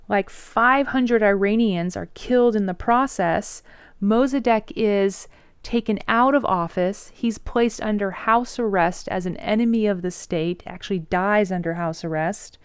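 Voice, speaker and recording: A woman's voice: mid-range voice, darkish tone, smooth, no room sound, studio quality. A woman teaching a history lesson in a chatty, breezy way, with slangy asides. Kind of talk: casual history lecture.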